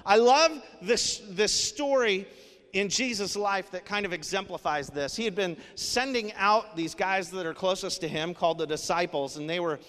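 High-voiced preacher man in a reverberant hall. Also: fairly bright tone. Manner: earnest, conversational preaching with casual fillers. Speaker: pastor. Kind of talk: sermon.

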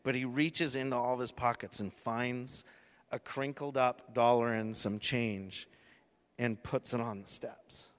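A man's voice: mid-range voice, fairly even intonation, a little slow, smooth. A male pastor giving a sermon, telling an emotional personal story and rising to emphatic peaks. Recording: long reverb of a church hall.

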